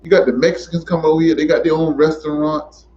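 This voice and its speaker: A man in an impassioned monologue, preachy and emphatic, repeating himself and rising to near shouts. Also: a little high, steady tone, fast talker, a little hiss or hum. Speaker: commentator. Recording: dull lo-fi recording.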